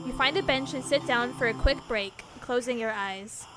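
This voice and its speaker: A high-pitched woman streamer reads a horror game's text aloud and breaks into quick, jumpy reactions with frequent laughter. Game music plays clearly behind her voice. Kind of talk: live gameplay commentary, reading game text aloud.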